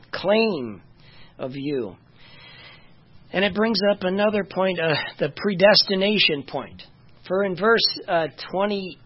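A Bible teacher talks through scripture in a loose, conversational way, often leaning on "you know" and stopping to find the right verse. The voice is husky and a little breathy. It comes through a dull, lo-fi recording. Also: mid-range voice. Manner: informal, many "you know" fillers, stops to check verses.

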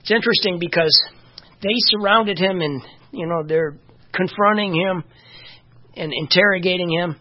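A Bible teacher giving an informal, conversational lesson, full of "you know" fillers and pausing to check verse numbers. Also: mid-range voice. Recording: dull lo-fi recording.

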